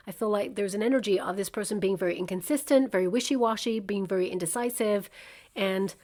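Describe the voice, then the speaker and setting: A woman's voice: medium pitch, a little mellow. Woman giving a chatty tarot reading. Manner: conversational, musing, frequent "you know" and "like". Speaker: tarot reader.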